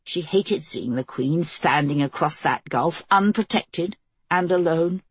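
A woman reading a novel aloud as an audiobook narrator, in measured, even storytelling. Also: sits low, breathy edge, no echo. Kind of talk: scripted narration.

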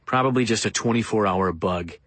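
A woman voicing a gruff, menacing male captor who speaks in a low growl for an audiobook. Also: brisk, no room sound.

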